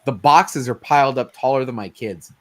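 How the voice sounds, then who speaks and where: Speaking at a medium pitch and normal pace, a man hosts a relaxed late-night conversation. He tells loose stories with lively energy, performing the quoted lines himself.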